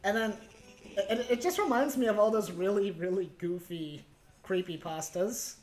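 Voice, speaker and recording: Woman, game streamer, casual rambling commentary, giggly, bemused, mid pitch. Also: moderate pace, a little mellow, soft background music.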